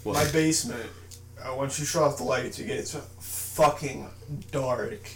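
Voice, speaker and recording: A man's voice: mid-range voice, fairly even intonation, unhurried, creaky, a little hiss or hum. A young man, a podcast co-host, telling a rambling, jokey story in casual chat.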